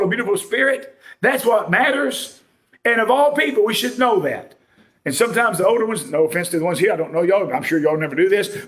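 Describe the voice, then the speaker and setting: A man's voice: sits high, a bit bright. A man preaching a sermon in a folksy, joking, conversational way.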